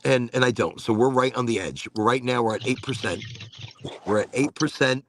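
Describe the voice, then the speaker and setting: An American man hosting a casual chat show, rambling and animated, cursing offhandedly as he talks. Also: medium pitch, moderate pace, background noise. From United States. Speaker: podcast host.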